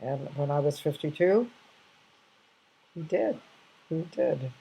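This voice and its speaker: A woman's voice: low-pitched, expressive, takes it slowly, creaky, mellow, breathy edge, low-quality recording. An older woman casually sharing reflective anecdotes, rambling with many restarts and fillers.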